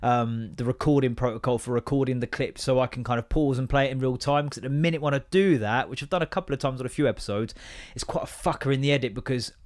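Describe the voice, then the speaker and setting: A man's voice: medium pitch, fast, a little mellow. A man with an English accent hosting a casual podcast monologue, rambling, sweary and self-deprecating. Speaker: podcast host.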